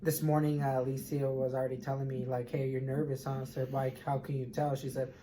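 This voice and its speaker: A man's voice: mid-range voice, flat delivery, a little fast, crowd noise. A young man, an expectant father, talking earnestly in a casual chat from a hospital room, often repeating words as he rambles.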